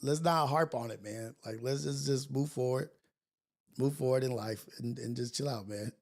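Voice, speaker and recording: A man's voice: medium pitch, normal speed, vocal fry. A man hosting a morning livestream show, talking in a casual, slangy way with plenty of swearing. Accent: Californian English. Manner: animated, swearing, slangy, laughing often. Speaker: podcast host.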